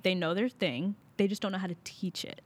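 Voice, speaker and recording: A woman's voice: mid-range voice, steady tone, a little fast, slightly rough. A young woman, a college student, chatting casually and laughing often, with lots of fillers. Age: young adult. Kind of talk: casual chat.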